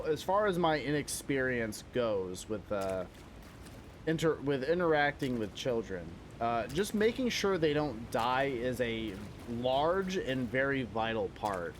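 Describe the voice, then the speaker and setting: A young male streamer talking through a game from his home setup. His voice sits at an ordinary middle pitch. He rambles, jokes at his own expense and swears constantly, with a faint hiss of noise behind him. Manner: rambling, self-deprecating, profane. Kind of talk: casual live-stream chat while gaming.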